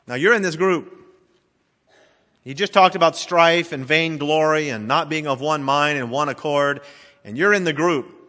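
Dramatic preacher man, bright voice, churchy reverb. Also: fairly high pitch, moderate pace. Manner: dramatic, swings between emphatic and hushed delivery. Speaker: pastor. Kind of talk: sermon. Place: church sanctuary. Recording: long reverb of a large church hall.

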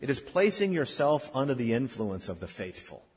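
A husky-voiced male pastor in his fifties preaches to his congregation, his voice ringing with a long reverb through the church hall. He tells personal stories, building to loud emphatic lines and then dropping to a near hush. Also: medium pitch, big pitch swings, moderate pace. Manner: storytelling preacher, swings from loud emphasis to hushed. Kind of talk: sermon. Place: church sanctuary.

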